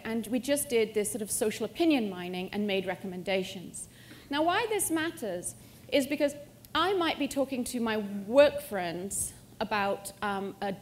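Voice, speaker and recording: Woman, middle-aged, conference speaker; lively, jokey demo delivery, slightly high voice. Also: a little hiss or hum. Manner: lively, joking, self-mocking. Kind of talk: live demo presentation. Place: conference hall stage.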